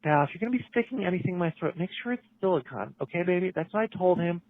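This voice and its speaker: A man voicing a crude, brash woman caller who is hoarse and wheezy. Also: high voice, animated, racing. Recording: tinny phone voicemail.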